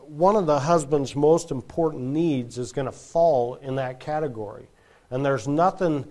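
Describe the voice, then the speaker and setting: A man in his thirties preaching a sermon, telling stories with lively delivery and acting out quoted voices. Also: on the high side. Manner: animated storytelling, acts out quoted voices. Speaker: pastor.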